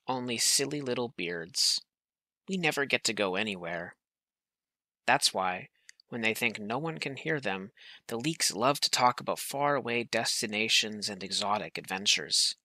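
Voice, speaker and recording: A man reading a children's picture book aloud in a gentle storytelling manner. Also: mid-range voice, expressive, normal speed, no room sound. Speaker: reader.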